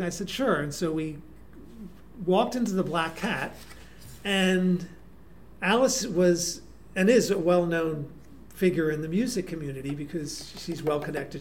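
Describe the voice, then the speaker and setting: A man, a guest performer, telling casual anecdotes in an animated way with frequent restarts. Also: high voice, a little hiss or hum. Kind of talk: casual storytelling.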